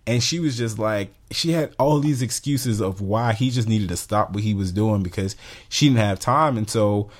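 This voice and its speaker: A man's voice: fairly low pitch, moderate pace. A man co-hosting a podcast, telling a story in a casual, exasperated way and acting out the people in it. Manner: animated, exasperated, acts out quotes. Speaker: podcast co-host.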